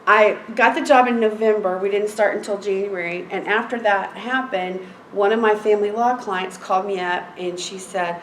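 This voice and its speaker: A middle-aged woman court reporter telling a story in a blunt, animated way, with plenty of fillers. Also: medium pitch, normal speed, few pauses, slight background noise. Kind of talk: anecdotal storytelling in a seminar chat. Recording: roomy echo.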